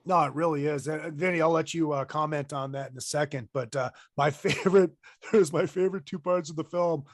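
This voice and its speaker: A man hosting a casual podcast interview, excitable, laughing often and swearing. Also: a little high, fairly quick, no room sound, clean studio sound. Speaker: host.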